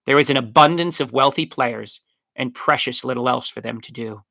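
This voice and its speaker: A man reads a chapter book aloud with expressive storytelling. His voice is bright with a gravelly edge, recorded close in a dry space. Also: medium pitch, moderate pace, no echo. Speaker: narrator. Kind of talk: audiobook reading.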